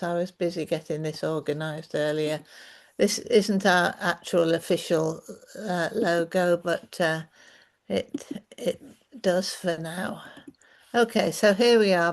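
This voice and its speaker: A woman hosting an online meeting, talking in a relaxed, chatty way with many fillers, then reading a formal acknowledgement and reflection. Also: fairly low pitch. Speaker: host.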